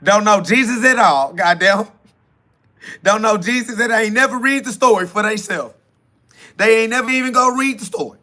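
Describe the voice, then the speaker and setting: Male host, high voice, emphatic slangy live preaching. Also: normal speed, bright, forceful tone. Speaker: podcast host. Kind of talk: casual preaching monologue streamed live.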